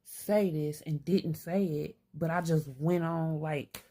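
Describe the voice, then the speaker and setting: Taking her time, the older vlogger speaks in a dark, deep, low voice with fairly even intonation. She reflects aloud to the camera, candid and unscripted, cursing easily, muttering to herself now and then, and never softening her streetwise bluntness.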